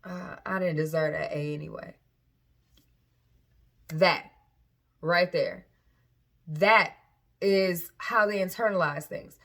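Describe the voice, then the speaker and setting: A woman vlogger and parent talking casually to camera, candid and frank, often stopping to backtrack and restart. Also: fairly low pitch.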